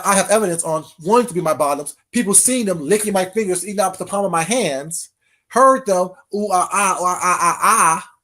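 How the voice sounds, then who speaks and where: A man ranting in a casual vlog, sassy and animated, firing off rhetorical questions. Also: high-pitched. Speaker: vlogger.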